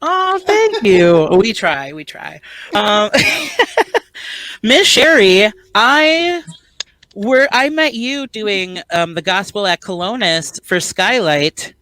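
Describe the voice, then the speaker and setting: A man interviewing guests over a video call, effusive and quick to praise and laugh. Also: high voice, sing-song, sharp tone, low-quality recording. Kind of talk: casual interview chat.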